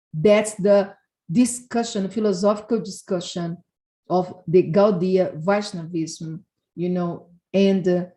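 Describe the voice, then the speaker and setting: A woman gives a devotional class talk, telling her story slowly. She laughs and often halts and restarts, and her voice rings in an echoey room. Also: on the low side, a little mellow. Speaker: devotional speaker.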